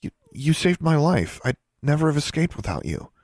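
A distressed teenage girl, played by a man reading a story who stammers under strain. His voice is pushed well above its usual pitch. The recording is dry and close. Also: very animated, fast, darkish tone, no room sound. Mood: emotional. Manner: stammering, rising voice. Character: distressed teenage girl, defiant but shaken.

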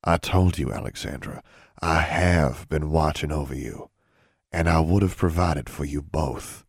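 A man voicing a soft-spoken, feared middle-aged wizard father who talks in a calm, measured, gentle way. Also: rumbling low, husky, no echo, studio quality, full character voice.

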